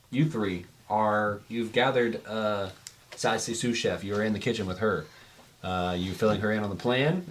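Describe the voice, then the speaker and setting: Game master, male, lowish voice, chuckles through narration, faint hiss on the recording. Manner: laughs often while narrating, quick voices for guards.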